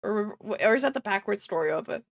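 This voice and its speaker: A woman livestreamer thinks aloud while reacting to videos. She rambles with plenty of fillers. Her pitch moves around a lot. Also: expressive, a little fast, vocal fry. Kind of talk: casual reaction stream chat.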